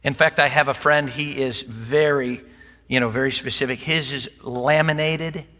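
A man's voice: mid-range voice, fairly even intonation, normal speed, sharp tone. An older man preaching a sermon to his congregation in a folksy, conversational way, mixing in light humor. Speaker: pastor. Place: church sanctuary. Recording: long hall reverb.

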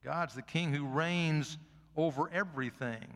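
An older man and pastor preaching a sermon in a church. He is folksy and swings from loud emphatic peaks to soft asides. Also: a little high, unhurried, in a large hall. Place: church sanctuary.

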